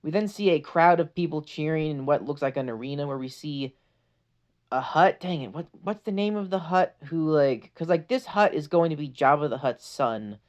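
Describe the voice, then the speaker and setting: A vlogger breaking down a movie trailer in casual, excited fan talk, with lots of "like" fillers. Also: mid-range voice, moderate pace. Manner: excited, chatty, with frequent "like" fillers. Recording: dull lo-fi audio.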